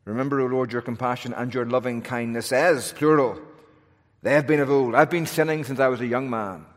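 A preacher delivers his sermon with earnest emphasis, talking a little fast, restarting phrases and tossing in asides along the way. His voice sits in the mid range, and a long reverb trails it as though he stands in a church sanctuary.

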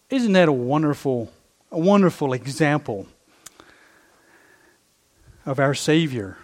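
A man's voice: a little high, animated, slow pace, pauses often, a little mellow. A middle-aged male pastor preaching a sermon, impassioned and emphatic, repeating his phrases for effect.

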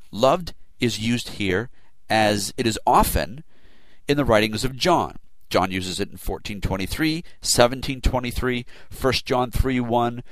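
A man giving expository Bible teaching, speaking deliberately and stressing single words for emphasis. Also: fairly low pitch, dry recording.

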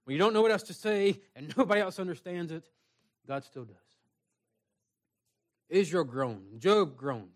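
A man's voice: on the high side, expressive, moderate pace, long pauses. A young man preaching a sermon in an earnest, plain-spoken way, repeating phrases and reading scripture aloud.

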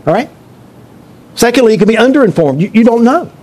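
A man's voice: very high-pitched, animated, quick pace, a little mellow. A man preaching a sermon to his congregation in a church, talking in a conversational, joking way and asking the room questions. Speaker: pastor.

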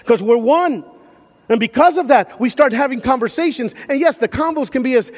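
High-voiced male pastor preaching in a hall. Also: a little fast. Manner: animated, conversational preaching with repeated restarts. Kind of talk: sermon. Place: church sanctuary.

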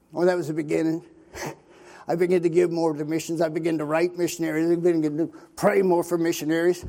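A man's voice: fairly high pitch, level tone, fairly quick, vocal fry, dark tone. An older man from Pennsylvania, a missionary preacher, telling his testimony in a folksy sermon style full of fillers. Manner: folksy storytelling with many fillers.

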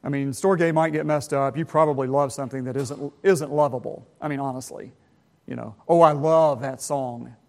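A man's voice: mid-range voice, steady tone, a little fast, vocal fry, darkish tone. A man teaching students in a sermon, folksy and self-deprecating, often restarting his phrases. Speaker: teacher giving a talk.

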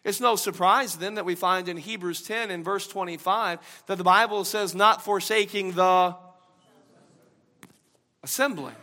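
High, bright-voiced man preaching a sermon. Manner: swings from quiet, low-key teaching to loud emphatic preaching; repeats key phrases for emphasis. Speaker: pastor.

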